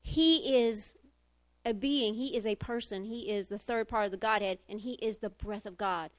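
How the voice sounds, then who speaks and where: A middle-aged woman preaching a sermon, animated, swinging from emphatic fire down to quiet talk. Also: moderate pace. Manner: animated, rising to emphatic fire then dropping low.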